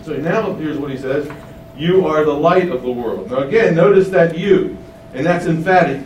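A man's voice: fairly high pitch, lively intonation, moderate pace, hardly any pauses, darkish tone, dull audio. A man preaching a sermon, emphatic, with many rhetorical questions, in a windowless room. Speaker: pastor. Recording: roomy, distant mic, faint hum.

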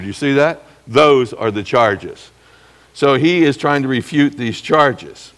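A middle-aged man teaching from the Bible as a pastor, animated, acting out quotes and clearing his throat now and then. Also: mid-range voice, slow, long reverb tail.

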